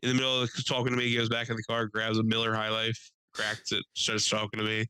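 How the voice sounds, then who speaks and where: Young American male podcast host, bright and crisp, dry mic, loose swearing storyteller. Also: on the low side, quick pace, no echo, poor audio. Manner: animated, swearing, laughing storyteller doing voices. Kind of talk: casual storytelling chat.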